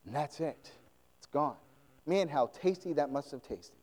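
A man's voice: a little high, a little slow, in a large hall, low-quality recording. A man preaching a sermon, retelling a story with lots of laughter and acted-out voices. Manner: animated, laughing often, acting out scenes.

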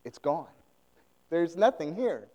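A preacher voicing a quiet trusting widow. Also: male voice, a little high, very animated, slow, big-room sound, lo-fi sound, heavily acted. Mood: earnest.

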